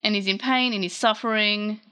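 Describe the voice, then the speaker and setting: A woman hosting a casual manga chapter recap, chatty and animated, often correcting herself mid-sentence. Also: mid-range voice, normal speed, smooth.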